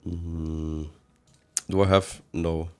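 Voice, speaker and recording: A man's voice: sits low, little pitch movement, extremely slow, mellow. A man doing casual livestream commentary as a game streamer, reading chat aloud and answering it in a rambling way with sudden exasperated outbursts.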